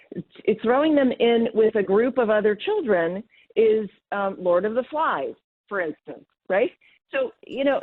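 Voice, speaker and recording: A woman's voice: on the high side, no room sound. A middle-aged woman guest on a radio interview, arguing her point emphatically with sarcastic asides. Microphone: phone. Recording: tinny phone line.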